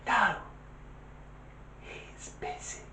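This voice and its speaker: A man's voice: drawn-out words, pushed and bright, echoey room, distant mic, exaggerated voice. A man voicing a small, sly child who answers the phone in terse whispers.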